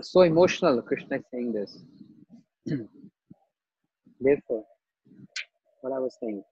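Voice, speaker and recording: A man's voice: medium pitch, lively intonation, measured pace, darkish tone, husky, dry recording, highs cut off. A man giving a scripture lecture, telling a story, repeating key phrases and checking that listeners understand. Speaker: spiritual teacher.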